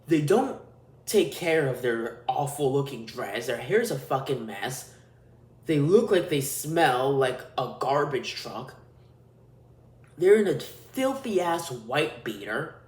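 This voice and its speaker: A man hosting a podcast, delivering a crude, profane, ranting solo monologue. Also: on the high side. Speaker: podcast host. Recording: roomy echo.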